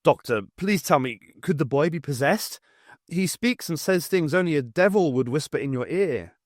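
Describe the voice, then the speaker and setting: A man's voice: on the high side, expressive, normal speed, dry recording, studio quality, voice pushed up, close to an everyday voice. A man voicing a bewildered father in an audiobook, urgent and pleading. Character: bewildered, demanding working father.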